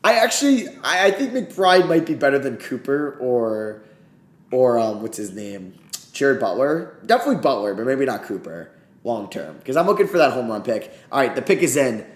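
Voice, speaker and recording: A man streaming a live reaction, excitable and emotional, swearing when things go wrong. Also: mid-range voice, moderate pace. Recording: echoey room.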